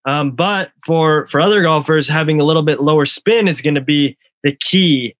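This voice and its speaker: Man, podcast host, slightly high voice, dry sound, thoughtful, asks questions. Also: normal speed, dry recording. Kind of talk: casual podcast discussion.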